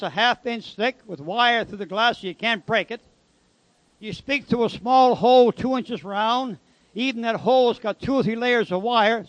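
Very high-voiced man preaching testimony. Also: a bit bright, no echo. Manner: dramatic storytelling, emphatic. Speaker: ex-convict giving testimony.

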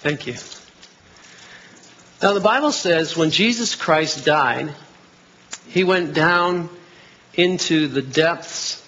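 A man's voice: fairly high pitch, takes it slowly, long pauses, fairly bright tone, highs cut off, slight background noise. A middle-aged male pastor preaching a sermon in church. He keeps asking the congregation questions and has them say lines back to him. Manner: interactive, asks the congregation to respond. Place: church sanctuary.

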